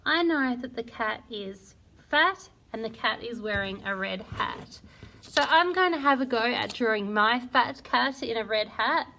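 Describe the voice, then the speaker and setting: Woman teacher sounding out words slowly. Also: on the high side, animated, creaky, sharp tone, slight background noise. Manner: slow, sounding out words syllable by syllable; encouraging and praising. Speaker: primary school teacher. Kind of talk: phonics lesson for young children.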